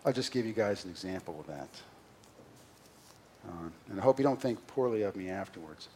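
Earnest pastor preaching a sermon. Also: male voice, deep voice, animated, fairly quick, breathy edge. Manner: earnest, confessional, swings between loud emphasis and quiet asides. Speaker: senior pastor. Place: church sanctuary.

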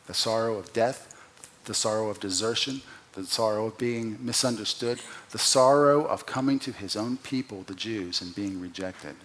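A man preaching an expository sermon, who asks the listeners rhetorical questions and swings from loud emphatic peaks to quiet, low drops. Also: normal speed, slight background noise. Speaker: pastor.

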